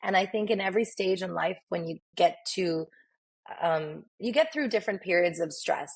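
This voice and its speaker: A woman speaks as a guest in a casual interview, telling stories with animation. Her voice sits a little low and is gravelly and husky. She often slips into the voices of people she quotes. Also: moderate pace. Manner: animated, acts out quoted dialogue. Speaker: podcast guest, makeup artist.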